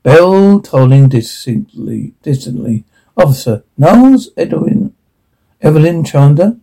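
A man's voice: fairly high pitch, lively intonation, a little slow, creaky, warm tone, slightly rough, low-quality recording. A man reading a drama's titles, sound cues and stage notes aloud in a matter-of-fact way. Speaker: reader of a drama script.

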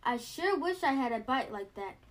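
Lady doing a meek sorry little boy cub, soft and fairly high. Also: animated, normal speed. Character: young boy bear cub cousin, eager and sorry.

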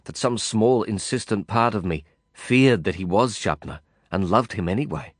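A man reading a first-person novel aloud in a measured, brooding way. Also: on the low side, animated, no room sound, studio quality. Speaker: audiobook narrator.

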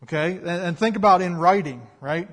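A man's voice: high-pitched, normal speed, fairly bright tone. Emphatic preaching man in a reverberant hall. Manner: conversational, emphatic preaching with repetitions and audience check-ins. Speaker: pastor. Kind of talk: sermon.

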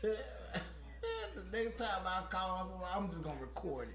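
Podcast host guy, high voice, swears a lot and laughs mid rant, echoey room. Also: expressive, normal speed, a bit bright. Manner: profane, laughing rants. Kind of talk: casual podcast chat.

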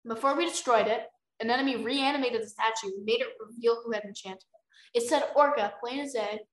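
A young woman co-hosting a podcast, reading a book aloud and breaking off into excited, animated reactions. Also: fairly high pitch, fairly quick. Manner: animated, bursts into exclaims and laughs. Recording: echoey room.

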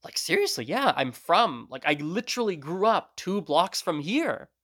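A man's voice: fairly high pitch, big pitch swings, moderate pace, fairly bright tone, voice pushed up. A man voicing a friend insisting on where he grew up, emphatic and exasperated.

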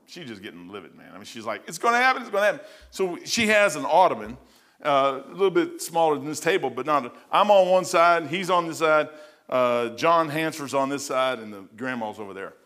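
A man's voice: medium pitch, lively intonation, fairly quick, fairly bright tone. A middle-aged man preaching, telling a story in a rambling way with many restarts. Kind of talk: sermon storytelling.

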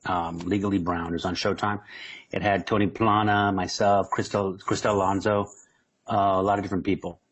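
A man from San Diego talks as a comedy guest, spinning animated, joking stories in a relaxed interview. His voice sits somewhat low with a husky, slightly rough edge. He rambles and restarts as he goes. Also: fairly quick, rough recording. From San Diego, California. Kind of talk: casual interview storytelling.

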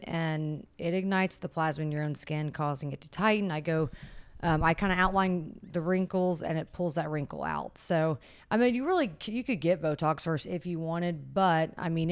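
Low, smooth-voiced woman esthetician. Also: normal speed. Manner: relaxed, explanatory, with frequent um fillers. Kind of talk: casual chat about skin treatments.

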